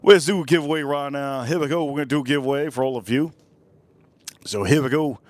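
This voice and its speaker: A man hosting a casual outdoor barbecue livestream, repeating himself and giving loud, excited shout-outs to his viewers. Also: medium pitch, quick pace, no echo. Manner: repetitive, hyped shout-outs to chat. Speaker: livestream host. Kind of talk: casual live-stream chat.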